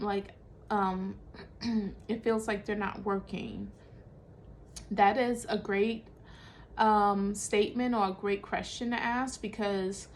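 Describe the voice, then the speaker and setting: A woman's voice: mid-range voice, slight background noise. A woman hosting a spiritual guidance talk, explaining in a loose, conversational way with many fillers and self-corrections. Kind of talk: casual teaching monologue.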